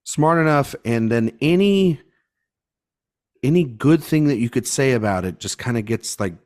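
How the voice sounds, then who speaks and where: A man co-hosting a film podcast, his pitch swinging widely as he talks. He speaks in animated bursts, often stopping and restarting mid-thought. His voice sits at a middle pitch. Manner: animated, halting, frequent restarts. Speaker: podcast co-host. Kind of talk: casual film podcast chat.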